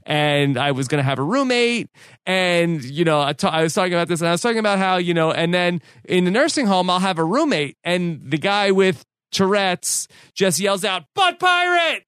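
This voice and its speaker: A man's voice: high voice, normal speed, a bit bright, smooth, no room sound, studio quality. A man on a podcast, casually telling a story with many fillers and restarts. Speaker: podcast co-host. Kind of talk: casual chat recounting a story.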